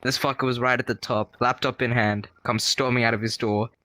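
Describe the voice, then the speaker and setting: A man's voice: medium pitch, fairly even intonation, a little fast, pushed and bright, no room sound, poor audio. A young man from Australia telling rambling, profane stories on a casual podcast, tagging his sentences with "right?". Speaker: podcast co-host.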